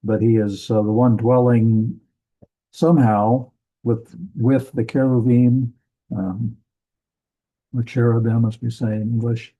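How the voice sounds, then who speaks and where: Man, Bible-language teacher: slow deliberate delivery, very dark mellow tone, dull lo-fi recording. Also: mid-range voice, flat delivery. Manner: deliberate, thinking aloud with many ums and self-corrections. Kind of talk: slow classroom lesson. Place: church classroom.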